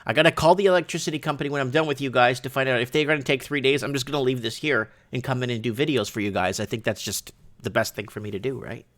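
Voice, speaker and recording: A man hosting a casual livestream from his shop, rambling and excitable, often restarting and asking "right?". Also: mid-range voice, quick pace, few pauses. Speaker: livestream show host.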